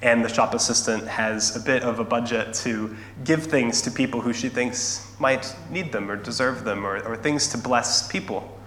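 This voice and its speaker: A man preaching a sermon, telling a story earnestly and slowing down and going softer to drive his points home. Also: medium pitch. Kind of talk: sermon with scripture reading and storytelling. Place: large echoing church hall. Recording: echoey hall, faint hum.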